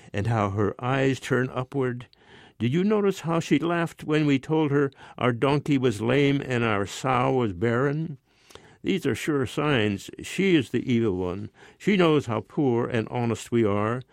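A man's voice: mid-range voice, unhurried, vocal fry, no room sound, clean studio sound. A man reading the part of an anxious, superstitious peasant wife who pleads and insists in a slightly raised voice. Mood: pleading.

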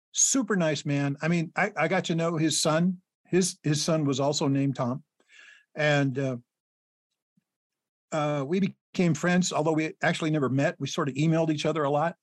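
A middle-aged man with a fairly high voice spins rambling anecdotes as a guest author. He leans on fillers and little laughs. The sound is dry and close. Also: no room sound. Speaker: children's book author, guest. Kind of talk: storytelling in an interview.

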